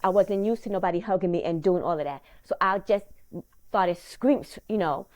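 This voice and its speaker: A woman telling her life story as an interview guest, halting and restarting often. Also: mid-range voice, darkish tone, dry recording. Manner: halting, many restarts and repeated words. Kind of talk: personal testimony in conversation.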